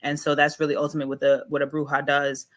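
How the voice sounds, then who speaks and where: A woman talks casually as an interview guest. Her voice is bright and forward, and she speaks animatedly, slipping into acted-out quotes and laughter. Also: low-pitched, monotone, quick pace. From Brooklyn, New York. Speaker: guest speaker, holistic healer.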